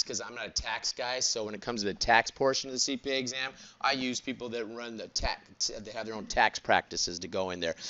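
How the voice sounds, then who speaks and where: A man's voice: medium pitch, sharp tone. A man teaching a college class in a chatty, digressive way, tossing rhetorical "what?" and "right?" prompts at his students and adding joking asides. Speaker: college instructor. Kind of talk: classroom lecture. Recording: dull lo-fi classroom recording.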